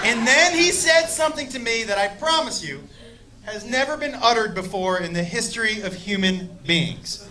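A man telling a profane story in a stand-up set, shouting his punchlines. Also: high-pitched, expressive, moderate pace, noisy background. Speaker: stand-up comedian. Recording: live club with loud crowd laughter.

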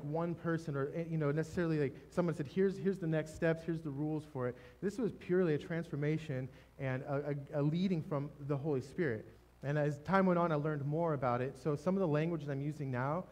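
A man preaching a sermon, telling a personal testimony in an emotional, halting way with many restarts. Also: fairly high pitch, a little mellow. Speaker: pastor. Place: church stage.

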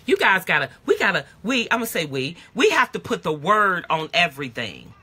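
A middle-aged woman preaching a livestream prayer with a husky, bright edge to her voice. Her pitch swings widely as she moves from quiet confession to shouted declarations. She talks in casual church vernacular and keeps circling back to the same refrain. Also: very animated, fairly quick. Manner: passionate, call-and-response preaching with repeated refrains. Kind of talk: live prophetic prayer and teaching. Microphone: phone or webcam livestream.

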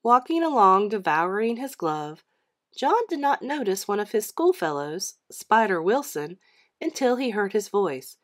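A woman reading a children's chapter book aloud as narrator, with an expressive storytelling delivery. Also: medium pitch, unhurried. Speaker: read-aloud host.

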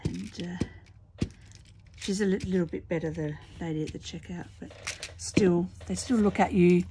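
A woman hosts a craft video from her table at home, chatting to the camera in an unhurried way. She talks herself through every step with little murmured asides. A steady background noise sits clearly under the recording. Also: fairly low pitch. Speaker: craft channel host. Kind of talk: casual crafting chat to camera.

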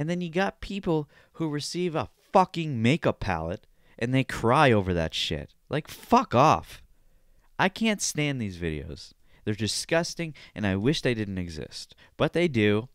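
A man's voice: mid-range voice, big pitch swings, measured pace, clean tone, no echo, clean studio sound. A man hosting a podcast, ranting with exasperated, profane commentary about a video and mocking the people in it. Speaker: podcast host.

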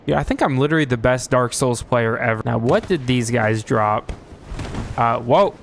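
A man giving live gameplay commentary, excitable and joking, who trash-talks enemies and yelps and shouts at the game. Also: mid-range voice, moderate pace, vocal fry. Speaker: streamer playing a video game. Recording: noticeable background noise.

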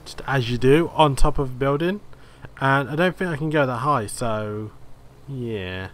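A man's voice: medium pitch, a little slow, a bit bright. A man hosting a gaming video, casually commenting as he plays and thinking aloud in a rambling way. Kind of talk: let's play commentary.

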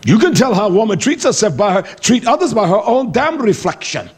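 A husky-voiced middle-aged man preaches with blunt force. His pitch jumps high and drops low all through, and his voice sits a little above most men's. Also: fairly quick. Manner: lively, blunt preaching with swings from high exclamations to low mutters. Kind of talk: sermon.

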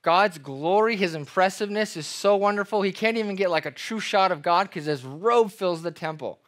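A pastor with a high voice preaches a sermon at a normal pace, reading scripture aloud with emphasis. His delivery is expressive, and he acts out everyday examples in playful voices.

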